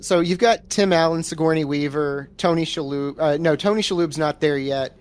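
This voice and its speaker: A man's voice: fairly high pitch, normal speed. A man co-hosting a podcast, playfully riffing with made-up lines from the film. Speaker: podcast co-host. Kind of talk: casual movie chat.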